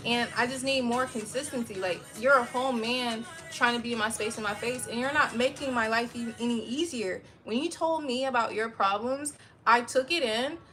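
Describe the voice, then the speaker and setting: A young adult woman telling a heated personal story in casual livestream chat, profane and animated, acting out what people said. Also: on the high side, moderate pace, music in the background. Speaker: livestream host.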